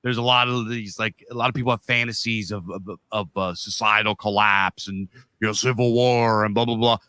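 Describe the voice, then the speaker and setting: A man's voice: lowish voice, fairly even intonation, brisk, bright, forceful tone, smooth, no echo. A man co-hosting a podcast, telling a long story in a loose, profane, rambling way. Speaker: podcast co-host.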